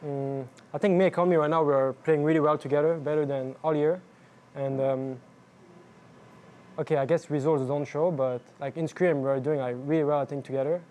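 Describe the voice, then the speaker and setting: A young man, a professional gamer, answering post-match interview questions in halting, filler-heavy speech. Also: on the high side, steady tone, a little mellow. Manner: halting, filler-heavy, non-native phrasing. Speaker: pro jungler interviewed after a match.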